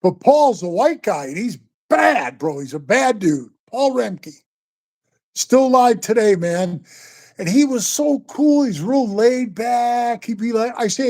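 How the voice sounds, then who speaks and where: A man's voice: extremely high pitch, unhurried. Profane older man telling stories. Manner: profane, animated, says bro and man a lot. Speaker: guest storyteller. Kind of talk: casual storytelling.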